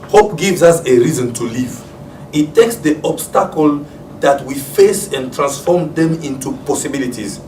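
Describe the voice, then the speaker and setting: Congolese pastor preaching in an echoey room. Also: male voice, a little high. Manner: storytelling, acts out family scenes with loud excited shouts and laughter. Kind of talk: sermon. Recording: echoey room, distant mic, faint background hiss.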